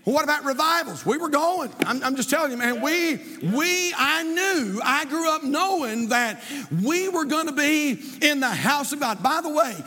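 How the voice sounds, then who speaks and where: High-voiced, impassioned preaching man. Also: lively intonation, moderate pace, long reverb tail. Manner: impassioned preaching, often shouting, with repetition. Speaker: pastor. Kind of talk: sermon. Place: church sanctuary.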